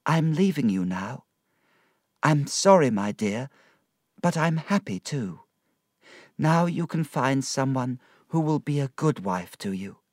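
A man voicing a gentle, dying young wife. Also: medium pitch, big pitch swings, slow, no room sound, clean studio sound, voice pushed up. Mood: tender, fading. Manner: soft, quiet and weak.

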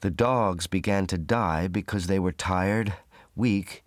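A man reading a simple storybook aloud in a measured, clear narration for learners. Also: deep voice, no echo, studio quality.

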